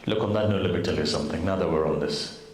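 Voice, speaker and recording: At a majlis, a preacher with a deep, slightly mellow voice tells a story quickly and earnestly, speaking straight to his audience. The recording captures a roomy hall with faint background noise.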